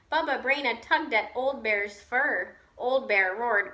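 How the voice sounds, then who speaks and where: A woman teacher reading a children's picture book aloud, slowly and expressively, pausing to explain to her listeners. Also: a little high. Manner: slow, expressive storytelling with asides to listeners.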